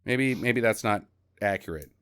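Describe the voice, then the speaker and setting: An American man casually reviewing a film with friends, sarcastic and lively as he retells the plot. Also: fairly low pitch, normal speed, over a noisy crowd. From United States. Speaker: podcast host. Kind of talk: casual movie review chat.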